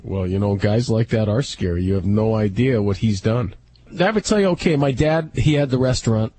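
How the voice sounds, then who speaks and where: A man co-hosting a radio show, telling stories casually and acting out other people's lines in a higher voice. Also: fairly quick, no echo, low-quality recording. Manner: animated, acts out dialogue in higher voices. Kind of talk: casual storytelling on air.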